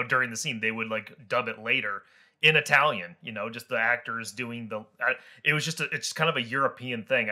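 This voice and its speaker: A man co-hosting a podcast in casual chat, explaining in a relaxed, offhand way. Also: mid-range voice. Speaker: podcast co-host.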